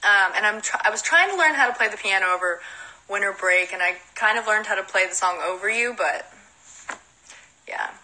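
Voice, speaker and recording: Young Southern woman, bright voice, chatty and giggly, live Q&A into a phone. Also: medium pitch, brisk, low-quality recording. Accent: Southern American. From Southern United States. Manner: chatty, giggly, reads questions aloud then answers. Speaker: model and musician answering fan questions. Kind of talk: casual livestream Q&A.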